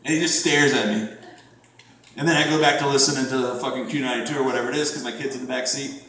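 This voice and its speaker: A man's voice: medium pitch, steady tone, fast talker, fairly bright tone, far from the mic. Profane male comic in an echoey room. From Florida, USA. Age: 30s. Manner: crude, rambling, profane storytelling. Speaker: stand-up comedian. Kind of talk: stand-up comedy set. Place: comedy club stage. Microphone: distant room mic.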